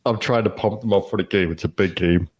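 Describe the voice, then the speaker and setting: A man co-hosting a casual podcast, telling profane, animated stories and acting out the voices in them. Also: sits low, fairly quick, husky. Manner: profane, animated storyteller who acts out voices. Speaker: podcast co-host; former youth football coach. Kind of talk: casual chat, storytelling.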